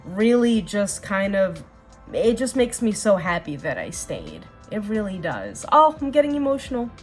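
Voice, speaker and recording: Young adult woman vlogger, chatty and sincere, low-key background music. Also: very animated, unhurried, darkish tone. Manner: chatty, earnest, rambling with fillers. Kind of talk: casual get-ready-with-me chat.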